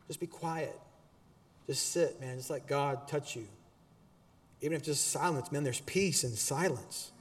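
A man preaching a sermon as pastor in a church auditorium, animated and exhorting, with casual asides to the congregation. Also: fairly high pitch, measured pace, long reverb tail.

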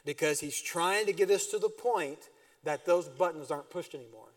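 A middle-aged man preaching a sermon as pastor, telling animated stories with sudden loud bursts and quiet drops. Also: on the high side, moderate pace. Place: church sanctuary. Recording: distant mic in a reverberant church hall.

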